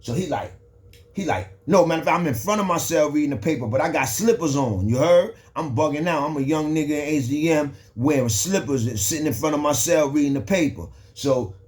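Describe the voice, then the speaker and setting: A young man spins a street story in loose, slangy talk that circles back and restarts often. His voice sits a little high for a man. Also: a little fast, a little mellow. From the Bronx, New York.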